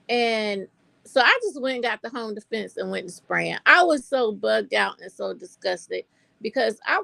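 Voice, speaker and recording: Gravelly older North Carolina woman. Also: a little high, a bit bright, no room sound. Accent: North Carolina Southern American. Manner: chatty storyteller addressing viewers as y'all. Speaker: vlogger. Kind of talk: casual chat to camera.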